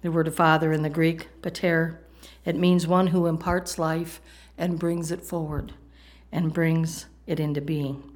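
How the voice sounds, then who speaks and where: A woman's voice: low voice, little pitch movement, unhurried. A middle-aged woman from the United States preaching a sermon, telling a story with humorous asides to the congregation.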